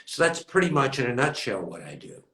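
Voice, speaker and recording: A man who works as a sitcom warm-up comedian, a guest on a video call, explaining his job in an easygoing way. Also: mid-range voice, big pitch swings, fairly quick, reverberant. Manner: easygoing, brief agreeable replies. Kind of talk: casual interview over video call.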